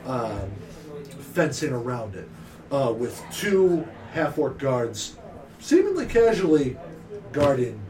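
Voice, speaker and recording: A man's voice: mid-range voice, huge pitch swings, a little mellow, distant mic. A young man narrating as game master, with lots of fillers and restarts. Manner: halting, filler-heavy narration.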